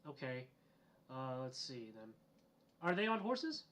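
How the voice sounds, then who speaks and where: A man's voice: mid-range voice, sing-song, a little slow, a bit bright. A young man playing a tabletop game, eagerly firing questions at the game master and often repeating himself as he asks. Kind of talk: casual game chat.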